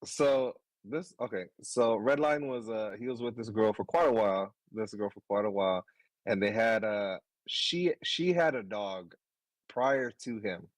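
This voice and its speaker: A man in his thirties, a podcast co-host, telling a story in casual chat, animated, swearing and laughing as he goes. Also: on the low side, unhurried, no echo, poor audio.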